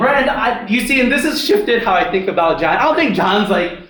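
A man giving a casual, conversational sermon, often laughing, then dropping to a soft, intimate tone. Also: high voice, expressive, a little fast, hardly any pauses, slight background noise. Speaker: pastor. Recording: very echoey hall, from far off.

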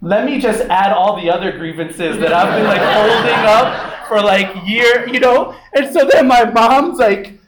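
A man preaching a sermon, telling a personal story in an animated way, full of fillers and frequent "right?" checks. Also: high-pitched, measured pace, few pauses, slight background noise. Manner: animated, filler-heavy, laughs often, keeps asking "right?". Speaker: pastor. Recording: echoey room.

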